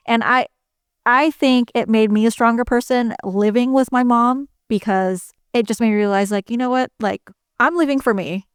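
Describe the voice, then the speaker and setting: A middle-aged woman and mother co-hosting a podcast, talking bluntly and frankly in animated, storytelling chat. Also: fairly high pitch, normal speed, clean tone, no room sound, clean studio sound. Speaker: podcast co-host. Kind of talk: casual chat.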